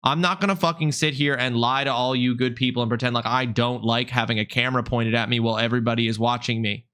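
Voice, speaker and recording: Bright, animated male streamer. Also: mid-range voice, fast. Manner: animated, mock-indignant, swears freely, talks straight to chat. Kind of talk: casual live-stream chat with viewers.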